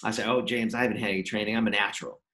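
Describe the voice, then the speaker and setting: Man, lowish voice, podcast guest, animated anecdote, acts out quotes. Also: rapid-fire, rough recording. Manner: animated storyteller acting out quoted dialogue. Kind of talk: casual interview storytelling.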